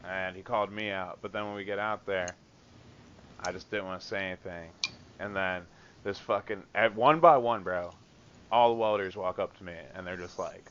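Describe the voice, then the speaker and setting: A man's voice: low-pitched, normal speed, a bit bright, muffled recording. A man co-hosting a casual podcast, venting about work with lots of swearing and laughter. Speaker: podcast co-host. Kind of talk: casual chat.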